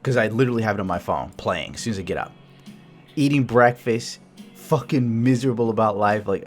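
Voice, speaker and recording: A man's voice: fairly low pitch, fairly quick, faint music behind. A man hosting a solo podcast, talking in a crude, jokey, rambling way. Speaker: podcast host.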